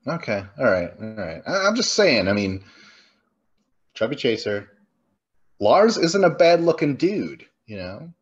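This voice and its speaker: A man co-hosting a podcast, rambling and animated in a casual movie review chat. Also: medium pitch, unhurried, long pauses, slightly rough, lo-fi sound. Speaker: podcast co-host.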